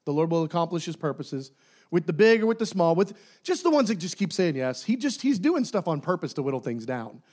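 A man preaching a sermon, animated, acting out voices and dropping to near-whispers for emphasis. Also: fairly high pitch, a little fast. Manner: dynamic, swinging from loud to soft near-whispers.

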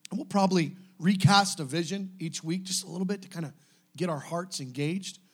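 A man preaching to his church, impassioned and exhorting, swinging from quiet pleading to shouting. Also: sits high, a little fast, breathy edge. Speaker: pastor. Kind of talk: sermon.

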